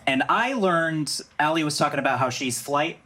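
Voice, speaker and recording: A man telling a crude, profane story stand-up style, animated and laughing as he goes. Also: on the high side, moderate pace, soft background music.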